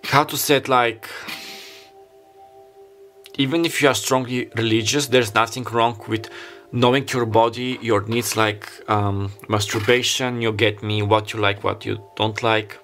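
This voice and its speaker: A man with a fairly low, evenly intoned voice and a fairly bright tone delivers a pick-a-card tarot reading without hurrying, faint music playing behind him. Earnest and openly emotional, he rambles, stops and restarts a lot, and says "like" constantly.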